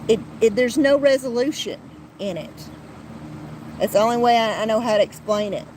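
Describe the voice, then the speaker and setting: A woman's voice: fairly high pitch, normal speed, a little mellow, slight background noise, low-quality recording. A woman hosting a podcast, talking in a blunt, heated way with frequent restarts and some swearing. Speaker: podcast host. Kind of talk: casual commentary podcast.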